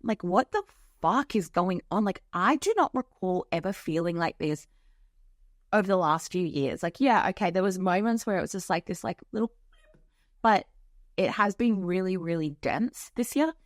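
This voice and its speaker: A woman's voice: fairly low pitch, lively intonation, normal speed, no room sound, studio quality. A woman hosting a podcast as a spiritual coach, talking frankly in a casual monologue with a lot of swearing and filler words. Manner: frank and profane, lots of "like" fillers. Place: home office.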